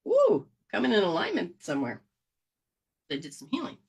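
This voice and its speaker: A woman teaching an informal spiritual healing lesson, animated and casual, acting out little scenes and slipping into slang and mild swearing. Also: mid-range voice, moderate pace, gravelly, husky.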